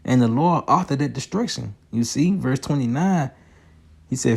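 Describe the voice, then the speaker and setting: A man preaching a casual sermon over video clips, reading scripture slowly and ending his lines with "man". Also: mid-range voice, animated, vocal fry, breathy edge. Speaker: street preacher.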